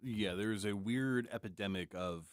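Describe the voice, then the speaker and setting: A man co-hosting a talk radio show, chiming in with quick, wry remarks. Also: on the low side, no room sound, studio quality. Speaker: radio co-host.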